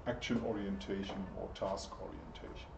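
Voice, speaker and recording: A man's voice: deep voice, fairly even intonation, moderate pace, creaky, background noise. A man giving a chatty university lecture and putting questions to the class. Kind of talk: interactive lecture. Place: lecture room. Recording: echoey, distant, dull lecture-room recording.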